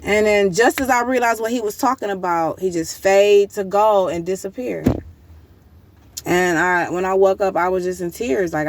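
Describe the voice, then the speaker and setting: A woman casually telling a vivid dream story, excited and full of slang and fillers. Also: mid-range voice, normal speed, slight background noise. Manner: excited, animated slang-heavy retelling with many fillers. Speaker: vlogger recounting a dream.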